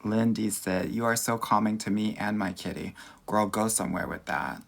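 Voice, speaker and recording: Sassy creaky-voiced Southern California man. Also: fairly low pitch, moderate pace. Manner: sassy, campy, says "girl" constantly. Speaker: dating coach. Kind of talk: casual livestream Q&A.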